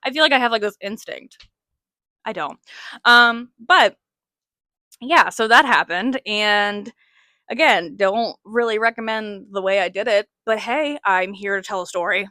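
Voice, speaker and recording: A woman in her late twenties hosts a podcast, telling stories in a chatty, self-mocking monologue packed with "like." Her mid-range voice is bright and forceful at a measured pace. The studio recording is clean, with no echo.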